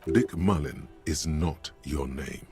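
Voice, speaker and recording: A man's voice: slow, darkish tone, faint music behind, exaggerated voice. A man voicing a sardonic inner narrator in a game, speaking to the player in a commanding second person. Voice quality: gravelly, very deep.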